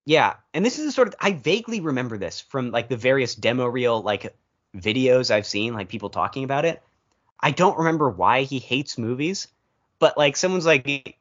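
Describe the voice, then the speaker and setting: A man's voice: mid-range voice, animated, fairly quick, a bit bright, highs cut off. A man co-hosting a podcast in casual chat, rambling and wry with lots of fillers. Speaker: podcast co-host.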